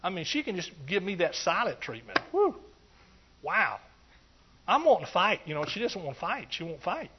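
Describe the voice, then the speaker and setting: With a high voice, a middle-aged pastor delivers a jokey, folksy sermon at normal speed, occasionally letting out lively shouts of praise. The lo-fi recording sounds dull and carries slight background noise.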